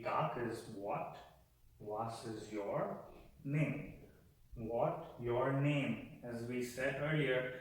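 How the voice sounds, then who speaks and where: Slow-paced man teaching, echoey room. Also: medium pitch. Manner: patient, repeats phrases slowly for practice. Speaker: language teacher for healthcare workers. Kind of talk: explanatory lesson with slow repeated drills. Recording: echoey room, voice far from mic.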